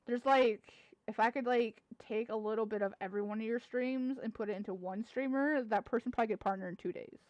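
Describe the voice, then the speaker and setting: A woman's voice: a little high, a little fast, a little mellow, no room sound, muffled recording. A woman hosting a casual live-stream podcast, chatty and upbeat, often laughing.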